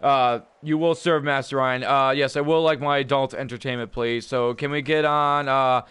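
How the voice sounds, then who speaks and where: A young man streaming a video game, talking casually with a profane, excitable manner and laughing often. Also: mid-range voice, moderate pace, clear, resonant tone, no room sound. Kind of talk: casual livestream commentary.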